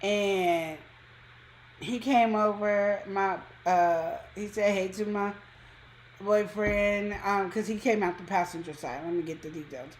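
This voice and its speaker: A woman casually telling a personal story on a talk show, acting out quotes with sudden high jumps in pitch. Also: takes it slowly, a little hiss or hum. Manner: animated, acts out quotes with big pitch jumps. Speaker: co-host.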